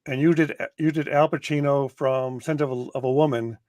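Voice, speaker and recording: A man, the show's producer, calmly explaining things in casual podcast chat. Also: medium pitch, normal speed, no echo. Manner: matter-of-fact, explaining. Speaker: producer and director.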